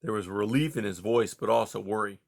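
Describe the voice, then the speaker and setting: A man narrating a children's novel in a steady, measured reading style. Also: fairly low pitch, gravelly. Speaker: audiobook reader. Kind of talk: storybook narration.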